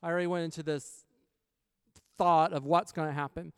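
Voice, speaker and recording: Man, smooth dry voice, chatty storyteller quoting conversations. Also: on the high side, fairly even intonation, a little fast, no room sound. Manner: chatty, retells scenes with quoted dialogue, faith-based reflection. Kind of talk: casual personal storytelling.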